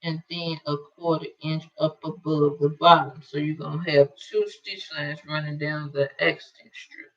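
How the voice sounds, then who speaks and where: A woman's voice: low-pitched, steady tone, normal speed, few pauses, a bit bright, distant mic. A woman teaching a casual sewing tutorial as a quilting instructor, chatting and thinking aloud while she works. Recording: dull lo-fi sound from away from the mic.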